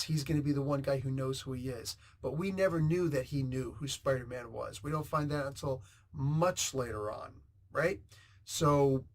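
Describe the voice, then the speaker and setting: A man hosts a comic book review, retelling the plot casually. He rambles with excitement, throws in sound effects and wanders into tangents. His voice sits a little higher than most men's.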